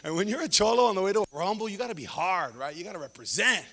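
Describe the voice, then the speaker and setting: A man doing a stand-up comedy set, animated and laughing as he acts out voices. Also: high-pitched, very fast, gravelly, long reverb tail.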